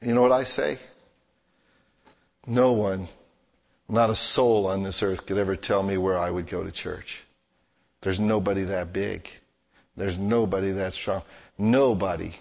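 A man's voice: lowish voice, a little mellow, in a large hall. A man preaching a sermon as a pastor, exhorting his congregation with emphatic, rising and falling intensity.

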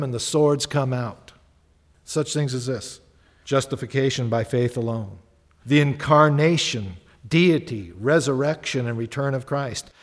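A man, a pastor, preaching a sermon in a conversational, animated way, often acting out little exchanges of dialogue. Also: medium pitch, in a large hall.

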